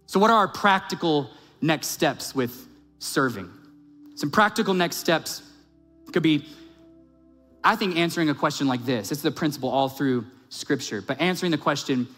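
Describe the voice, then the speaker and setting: A man's voice: fairly high pitch, expressive, normal speed, fairly bright tone. A male pastor preaching a sermon, telling a personal story with repeated phrases and growing emphatic as he preaches. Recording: reverberant hall with music behind.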